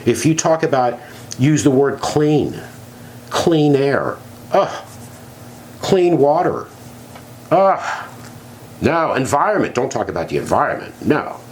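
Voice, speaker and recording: A man's voice: medium pitch, normal speed, slight background noise. A man co-hosting a podcast, talking in a sarcastic, ranting way in casual chat. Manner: animated, sarcastic, rant-like. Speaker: podcast co-host.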